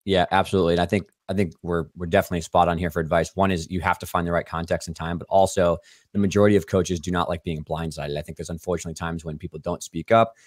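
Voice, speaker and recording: A man's voice: sits low, level tone, no room sound. A man hosting a podcast interview, explaining in a casual way with lots of "like". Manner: quick, explanatory, hedging with "like". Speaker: podcast host.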